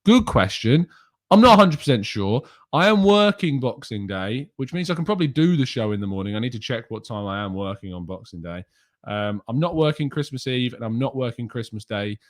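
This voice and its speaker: Casting: young male host, relaxed chatty delivery, mid pitch. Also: fairly quick. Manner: chatty, reads out viewer names and comments. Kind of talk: casual live-stream chat.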